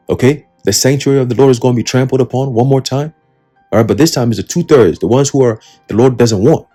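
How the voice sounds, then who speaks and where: A man giving casual, street-style Bible teaching in slangy, profane talk, often pausing to ask his listeners "right?". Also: medium pitch, mellow, slightly rough, faint music behind. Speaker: preacher.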